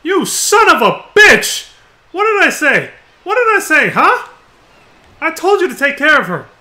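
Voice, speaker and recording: A man voicing a hot-headed young male rebel from a video game, yelling furious insults at a high pitch. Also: animated, normal speed.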